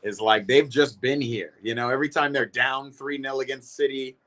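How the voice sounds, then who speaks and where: A man's voice: mid-range voice, fairly even intonation, moderate pace, fairly bright tone. A young man hosting a livestream watch party, reacting casually to the match and greeting viewers in chat. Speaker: livestream host. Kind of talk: football watch-party commentary.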